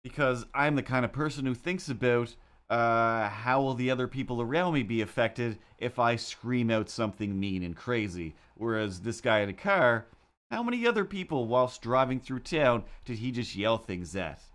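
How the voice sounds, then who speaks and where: Guy on a livestream rambling thru a funny story, wry and self-mocking, mid-pitched voice. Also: lively intonation, normal speed, fairly bright tone. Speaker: streamer. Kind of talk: casual chat while drawing on a livestream.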